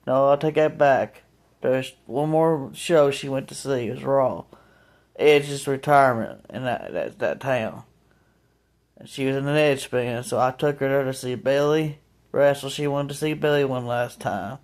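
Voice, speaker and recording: A man's voice: mid-range voice, a little slow, darkish tone. A man talking casually to his viewers in a rambling vlog, often restarting and repeating his words. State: emotional, voice breaking. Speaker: vlogger. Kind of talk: casual monologue to camera.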